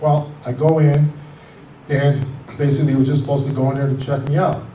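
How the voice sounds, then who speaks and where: A man in his fifties gives a personal testimony in a loose, conversational way, retelling back-and-forth conversations as he goes. His voice is mellow and sits back from the mic, with noticeable room echo. A faint hiss runs underneath. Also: medium pitch, flat delivery, fairly quick, distant mic. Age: 50s. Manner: rambling, conversational, retells dialogue with "I says" and "he goes". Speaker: patient telling his story.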